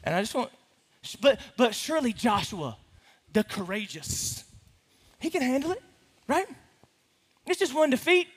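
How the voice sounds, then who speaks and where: A man preaching a sermon to a congregation, animated and playful, with teasing asides to the room. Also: very high voice, measured pace, long pauses, breathy edge. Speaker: pastor. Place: large hall with a congregation. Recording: reverberant hall.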